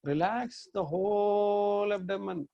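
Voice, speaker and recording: A man, a yoga teacher, slowly guiding a chakra meditation, giving calm breathing instructions and chanting mantras in long tones. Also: high-pitched, vocal fry, no echo, muffled recording.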